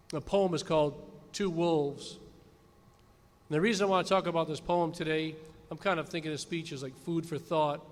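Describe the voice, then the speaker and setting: A man in his fifties, a high school principal, telling a folksy story in a graduation speech from a podium. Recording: long hall reverb at a ceremony.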